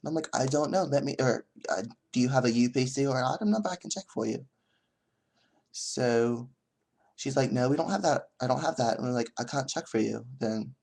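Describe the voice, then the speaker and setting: A man's voice: medium pitch, a little fast, vocal fry, darkish tone. A young man vlogging who tells a store story in an exaggerated, put-on British accent, rambling and quoting customers. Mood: playful. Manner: rambling, chatty storytelling with quoted dialogue. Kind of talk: comic vlog storytelling.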